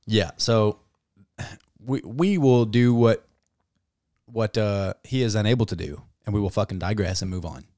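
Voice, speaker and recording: A man's voice: fairly low pitch, a little slow, pauses often, warm tone, no echo, studio quality. A man co-hosting a sports podcast, talking in blunt, profane casual banter. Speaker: podcast co-host.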